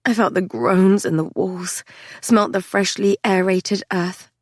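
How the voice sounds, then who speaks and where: A woman reading a dark fantasy novel aloud in the first person, intense and measured. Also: mid-range voice, steady tone, no room sound, clean studio sound. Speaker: audiobook narrator. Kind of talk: dramatic first-person audiobook narration.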